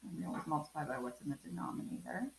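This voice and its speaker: Lowish woman teacher, um-ing thru math steps, roomy echo. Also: sing-song, racing, gravelly, a little hiss or hum. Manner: chatty, many ums, talks through steps. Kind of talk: remote class lesson.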